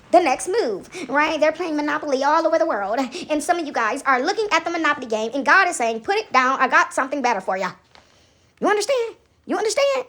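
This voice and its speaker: A woman's voice: high voice, creaky, breathy edge. An older woman talking casually about faith and acting out voices, playful and laughing often. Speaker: faith vlogger. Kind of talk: casual monologue, acting out God's voice.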